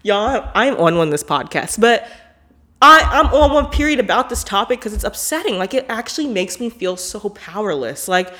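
A woman's voice: mid-range voice, moderate pace. A woman hosting a podcast in a casual monologue, blunt, emphatic and profane, filling her talk with "like". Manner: animated, with frequent "like" fillers. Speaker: podcast host.

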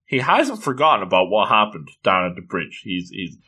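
A man's voice: on the low side, very animated, normal speed, pushed and bright, husky. Chatty man reacting as he reads. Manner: chatty, exclaiming, reacting aloud. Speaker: manga reader. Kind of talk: casual read-along commentary.

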